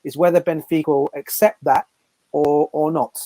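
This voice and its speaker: A man's voice: on the high side, fairly even intonation, normal speed, mellow. A man on a live stream panel, talking in a loose, rambling way. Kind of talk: casual live stream chat.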